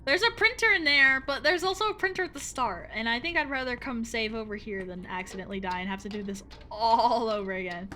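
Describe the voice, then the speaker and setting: A woman's voice: fairly high pitch, brisk, hardly any pauses, pushed and bright, faint music behind. A woman streaming a game, chatting playfully to her viewers, cursing now and then and reading dialogue aloud. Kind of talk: casual gameplay commentary.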